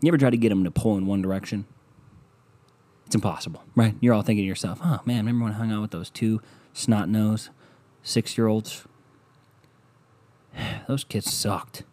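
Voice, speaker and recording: Male podcast host, profane comic ranter, lowish, recorded dry. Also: steady tone, normal speed, pauses often, dry recording. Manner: ranting, sarcastic, profane, with sudden loud bursts. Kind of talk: rambling comedic monologue.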